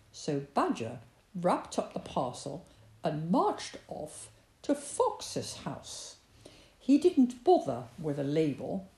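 A woman's voice: fairly low pitch, mellow. Sing-song woman reading a storybook. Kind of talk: storybook read-aloud. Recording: roomy echo.

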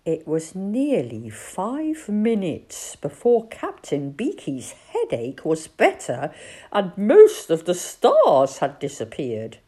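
A woman reads a storybook aloud with a playful, expressive delivery. Her voice sits slightly low, with a husky, breathy quality, and moves slowly through very lively pitch swings. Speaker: narrator. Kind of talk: storybook reading.

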